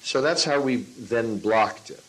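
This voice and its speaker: A man, a film and stage director, answering an interview question as a lively storyteller who acts out his own past lines. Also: medium pitch, measured pace, low-quality recording. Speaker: teacher of a class.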